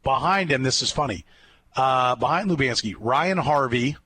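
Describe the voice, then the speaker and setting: A man hosting a sports talk show, chatting casually as an animated storyteller who rambles and restarts often. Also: medium pitch, normal speed, slightly rough, dry recording. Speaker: radio sports host.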